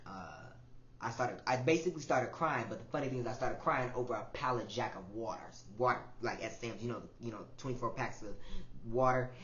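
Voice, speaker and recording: A man's voice: lowish voice, slight background noise. Emotional young man musing in a roomy space. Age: 20s. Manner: emotional, repetitive, soft-spoken with sudden louder swells. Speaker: podcast host. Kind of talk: reflective personal monologue. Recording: roomy, dull lo-fi audio with faint ambience.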